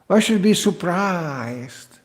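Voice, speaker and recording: Animated man lecturing in an echoing hall. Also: sits high, takes it slowly. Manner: playful storyteller, swings between loud and soft. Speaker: lecturer on scripture.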